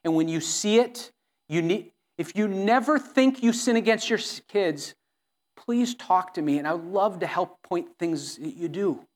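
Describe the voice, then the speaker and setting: A middle-aged man preaches to his congregation, earnest and pleading. His voice sits a little high for a man. He often breaks off and restarts his sentences as he presses his point. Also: unhurried. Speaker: pastor. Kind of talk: sermon.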